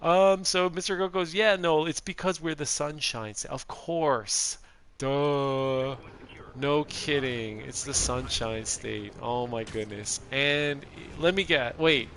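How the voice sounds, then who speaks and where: A man's voice: fairly high pitch, a bit bright, a little hiss or hum. A man in his thirties giving casual, rambling commentary while playing a video game, laughing often. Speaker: gameplay streamer.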